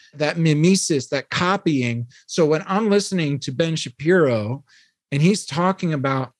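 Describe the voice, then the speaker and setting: A man in his thirties talks at length as a podcast guest, his fairly high voice racing through philosophical tangents with plenty of "like" and "you know." The sound is dry and close, with no room echo. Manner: fast, discursive and philosophical, with frequent "like" and "you know". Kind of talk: casual long-form conversation.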